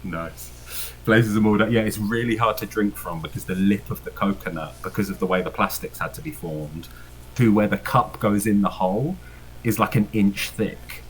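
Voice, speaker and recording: A man's voice: fairly low pitch, normal speed, slight background noise, poor audio. A man narrating as game master in a tabletop game, rambling with many fillers and frequent laughs.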